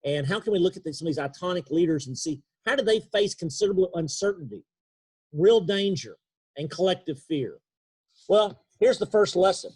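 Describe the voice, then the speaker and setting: A man with an East Texas accent giving an earnest, emphatic leadership talk on a video call, slowing down for key points. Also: high-pitched, animated, a little mellow, breathy edge. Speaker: leadership speaker. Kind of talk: motivational webinar talk.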